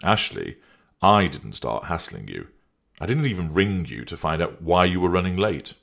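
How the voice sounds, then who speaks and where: A man's voice: low voice, sing-song, moderate pace, vocal fry, fairly bright tone, full character voice. A man voicing an anxious, pleading man who is desperate to hold on to his partner, in an audiobook reading. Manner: pleading, defensive.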